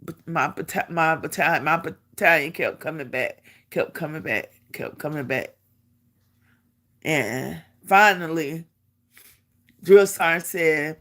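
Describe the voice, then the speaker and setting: A woman's voice: deep voice, takes it slowly, long pauses. A middle-aged woman telling a personal story in a casual vlog, acting out the quotes and laughing as she goes. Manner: animated, acts out quotes, laughs while telling. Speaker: vlogger.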